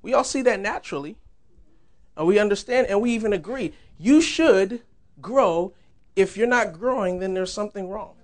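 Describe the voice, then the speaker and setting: Young man preaching, high and playful. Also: animated, moderate pace. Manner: humorous, conversational, laughs often. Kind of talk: sermon. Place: church.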